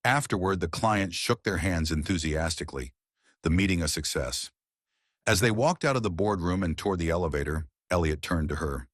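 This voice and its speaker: Brief: low-voiced male narrator, husky, measured delivery, dry close mic. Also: expressive, no echo. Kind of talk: scripted audiobook narration.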